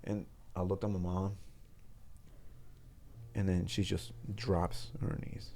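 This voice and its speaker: Deep gravelly man, halting storyteller. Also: level tone, dark tone. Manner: halting, earnest retelling with frequent restarts. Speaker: guest. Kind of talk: personal storytelling in a studio interview. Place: studio.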